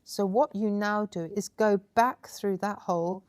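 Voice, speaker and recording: A woman guiding guests through a craft project at an indoor table. Her voice sits at an ordinary middle pitch, and her manner is chatty, warm in praise, and full of encouragement. She explains each step plainly as a hands-on tutor. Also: fairly even intonation, unhurried. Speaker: crafting workshop host.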